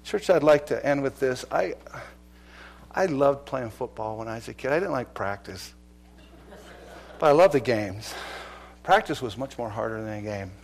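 A middle-aged male pastor preaching a sermon, swinging from loud exhortation to hushed, earnest appeals. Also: mid-range voice, lively intonation, normal speed, gravelly, long pauses.

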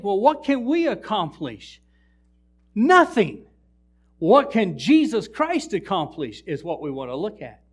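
Guy preaching a sermon in church, high lively voice, cracking jokes with the crowd. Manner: animated storytelling preacher, jokes with the congregation. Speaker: pastor.

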